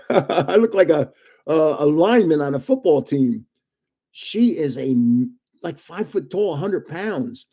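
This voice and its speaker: A man's voice: a little high, animated, slow pace, dark tone. An older man hosting a live stream, telling rambling stories in a chatty way and laughing often. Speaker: host of a live card-opening stream.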